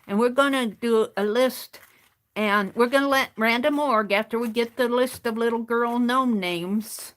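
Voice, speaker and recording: A woman hosts an art stream, telling a long story as she tears page edges. Her voice sits a little high, and she talks in a rambling, chatty way with frequent restarts. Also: unhurried, a bit bright. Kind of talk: casual storytelling while crafting.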